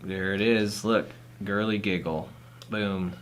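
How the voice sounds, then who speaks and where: A man's voice: fairly low pitch, fairly even intonation, takes it slowly, a little hiss or hum. A man talking to himself in a playful, self-mocking way while recording sound effects for a video. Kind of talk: casual self-talk while working.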